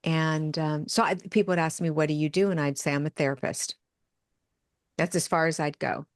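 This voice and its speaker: A woman's voice: low-pitched, moderate pace, dry recording, studio quality. An older woman, a medium and addiction counselor, telling her story in a podcast interview and acting out remembered dialogue. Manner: animated, acts out remembered dialogue.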